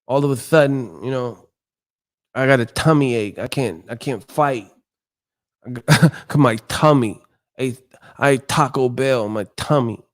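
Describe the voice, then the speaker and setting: A man doing a comic impression of a retired heavyweight boxer whining like a child about a stomachache, mumbly and quiet. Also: mid-range voice, measured pace, long pauses, close to an everyday voice. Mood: whiny. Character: mock Mike Tyson, grown man whining about a stomachache. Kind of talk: comic impression on a live stream.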